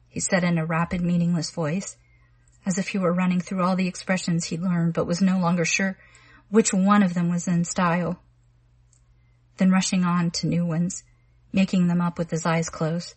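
A woman with a husky, fairly low voice reads a literary story aloud. Her delivery is measured and calm. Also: no echo. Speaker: audiobook narrator.

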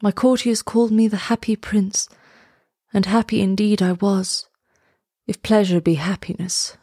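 A woman voicing the statue of a dead prince in a storybook, speaking in a low, gentle, musical way. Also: fairly even intonation, unhurried, dry recording, clean studio sound, natural voice. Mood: sorrowful. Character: sorrowful golden statue of a prince.

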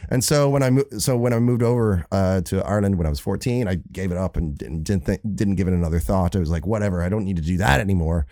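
Rambling self-mocking man, lowish voice. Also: quick pace, few pauses, warm tone, no echo, studio quality. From United States. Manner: rambling, self-mocking, swears freely, many restarts. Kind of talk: casual chat.

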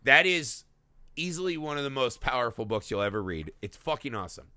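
A man co-hosting a casual movie podcast, talking fast and swearing freely as he breaks down a film. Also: medium pitch, clear, resonant tone, no echo. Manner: animated, profane, acts out characters in quick bits. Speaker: podcast co-host.

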